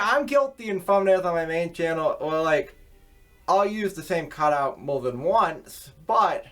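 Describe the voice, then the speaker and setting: A man's voice: fairly high pitch, fairly bright tone. Man ranting and swearing. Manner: swears constantly, rambling, scornful. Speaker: YouTuber. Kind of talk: profane rant to camera.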